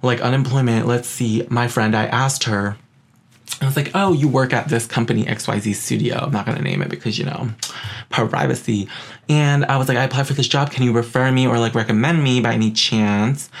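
A young man from Queens, New York, hosting a podcast in sassy, animated casual chat. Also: mid-range voice, a little fast, gravelly. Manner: sassy, animated, says "girl" a lot. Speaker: podcast host.

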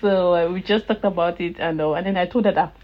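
A woman's voice: fairly low pitch, steady tone, quick pace, lo-fi sound. A woman hosting her own podcast, chatting casually and laughing often as she retells conversations with family. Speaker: podcast host. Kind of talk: casual storytelling monologue.

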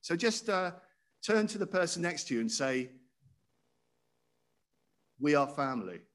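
This preacher has a high-pitched, animated voice with a fairly bright tone and a moderate pace. He keeps his sermon conversational, regularly asking his audience questions.

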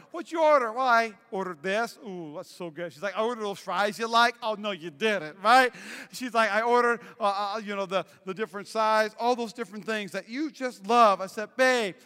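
A man preaching a sermon as pastor, telling playful stories with lively asides. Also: very high voice, smooth. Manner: animated storytelling with playful asides. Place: church sanctuary. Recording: echoey hall reverb.

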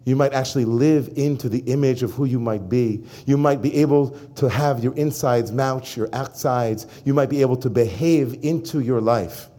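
A rabbi giving a sermon to his congregation, emphatic and animated, often turning to address the listeners directly. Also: mid-range voice, normal speed, few pauses.

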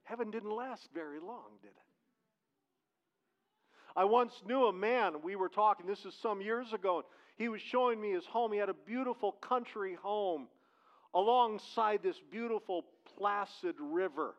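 High-voiced pastor preaching. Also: male voice, normal speed. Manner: conversational preaching with frequent restarts and rhetorical questions. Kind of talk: sermon. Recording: dull, lo-fi church recording.

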